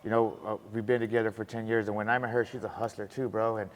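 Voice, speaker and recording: Fast-talking man telling stories in a reverberant room. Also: on the low side. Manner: animated, acts out dialogue, says bro. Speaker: podcast guest. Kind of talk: casual storytelling chat. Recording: long roomy reverb.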